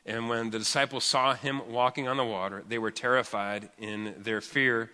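Bright-voiced pastor preaching in a reverberant hall. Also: male voice, medium pitch, fairly even intonation, moderate pace, hardly any pauses. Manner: conversational and joking, with frequent restarts. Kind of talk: sermon.

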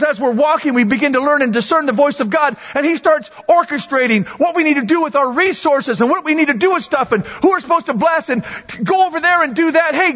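A man preaching a sermon in a lively, conversational way, repeating words for emphasis and bantering with the congregation. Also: very high-pitched. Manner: animated, conversational preaching with repetitions and asides to the congregation. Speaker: pastor. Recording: dull sound with long hall reverb.

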